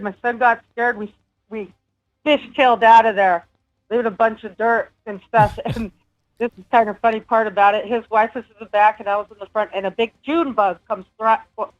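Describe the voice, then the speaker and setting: A woman's voice: fairly high pitch, moderate pace. Woman telling a story over lo-fi audio. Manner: earnest storytelling with small laughs. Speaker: guest. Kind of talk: casual interview talk. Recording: dull lo-fi remote audio with faint music.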